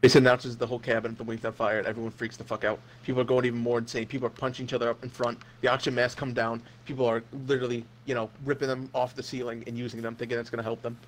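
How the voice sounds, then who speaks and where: Young guy game master, monotone, deadpan crude narration, faint background hiss. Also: medium pitch, rapid-fire, hardly any pauses. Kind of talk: narrating a comedic role-play scenario.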